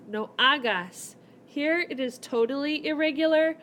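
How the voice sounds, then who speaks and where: A woman's voice: high voice, a little slow, a bit bright, a little hiss or hum. A woman teaching a recorded whiteboard lesson, explaining each step in a chatty way. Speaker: Spanish teacher. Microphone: laptop mic.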